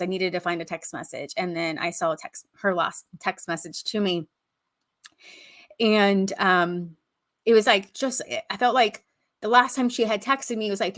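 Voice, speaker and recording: A woman's voice: on the low side, a bit bright. A woman hosting her own podcast in casual, unscripted talk, chatty and effusive with lots of filler words. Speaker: podcast host.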